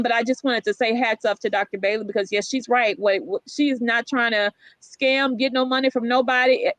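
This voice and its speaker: A woman co-hosting a casual livestream chat, animated and reading out viewer comments. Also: mid-range voice, no echo. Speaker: livestream co-host.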